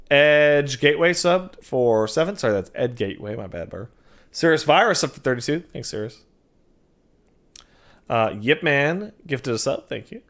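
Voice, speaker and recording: Lively streamer man reading donations. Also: fairly high pitch. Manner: animated, jokey, quick asides. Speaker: game streamer. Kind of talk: casual livestream chat reading donations.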